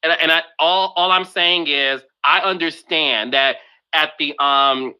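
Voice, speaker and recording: A man's voice: fairly high pitch, fairly even intonation, a little slow, bright, forceful tone, clean tone, rough recording. A man hosting a podcast, playful and sassy, coaxing his guest with friendly advice. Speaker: podcast host and producer. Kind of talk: casual podcast conversation.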